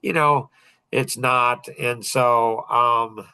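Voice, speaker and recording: A man's voice: mid-range voice, steady tone, extremely slow, bright, forceful tone, smooth, no echo, poor audio. A middle-aged man talks casually to a small group, rambling and circling back with lots of fillers and false starts. His voice sits in the middle of the male range. The recording is dry and close, with no room sound. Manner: rambling, with many fillers and restarts. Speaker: podcast host and coach.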